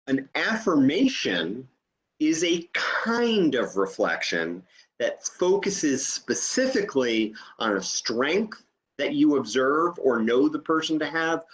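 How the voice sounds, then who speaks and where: A man's voice: medium pitch, fairly bright tone. A man teaching an online training session over a video call, explaining step by step and checking in with "okay?".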